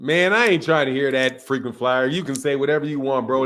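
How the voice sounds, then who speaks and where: A man's voice: mid-range voice, fairly quick, few pauses, a bit bright. A man hosting a boxing talk stream from home, emphatic and slangy, repeating his points over and over. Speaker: boxing channel host. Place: home indoors.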